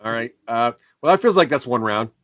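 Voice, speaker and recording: A man running a live tabletop role-playing session as dungeon master, laughing often and pausing with many uhs. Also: mid-range voice, lively intonation, fairly bright tone, a little hiss or hum. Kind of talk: running a tabletop game, voicing characters.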